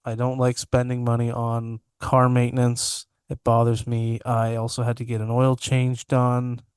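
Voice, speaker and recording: A man's voice: mid-range voice, completely flat delivery, a little slow, a little mellow, smooth, dry recording. A young man co-hosting a podcast remotely from his bedroom, chatting with sarcastic, self-deprecating humor. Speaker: podcast co-host. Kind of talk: casual chat over video call. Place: home master bedroom. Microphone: remote video-call mic.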